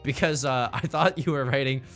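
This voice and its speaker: A man's voice: mid-range voice, moderate pace, gravelly, fairly bright tone, faint music behind. A man streaming a game live, rambling and joking with his chat between plays. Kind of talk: live-stream gameplay commentary.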